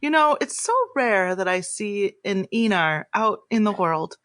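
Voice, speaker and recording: A woman doing a gentle alien TV star, Zashawn. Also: medium pitch, animated, a little slow, no echo, studio quality. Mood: tender. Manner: tender, encouraging.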